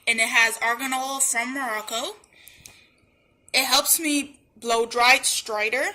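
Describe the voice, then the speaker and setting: A woman beauty vlogger walks through her hair routine in a relaxed, explanatory voice-over. Her tone is bright and a little high. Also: unhurried, slight background noise. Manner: plain, explanatory, conversational. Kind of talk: step-by-step hair tutorial voice-over.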